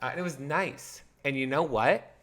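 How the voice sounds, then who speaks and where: A man's voice: medium pitch, moderate pace, a bit bright. A young man co-hosting a podcast, telling a story in a rambling, hesitant way with many restarts. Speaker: podcast co-host. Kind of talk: casual chat.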